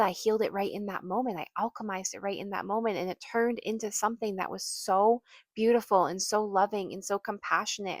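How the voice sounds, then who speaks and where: A woman's voice: mid-range voice, no echo, clean studio sound. A woman podcast host telling a personal story in an earnest, casual way, full of fillers and restarts.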